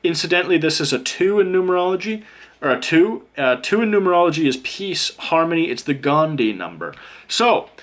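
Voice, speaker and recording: A man's voice: on the high side, sing-song, brisk. Man, tarot reader, casual card reading, blunt, joking, profane, sarcastic asides, talks to the viewer. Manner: talks straight to the viewer as "you".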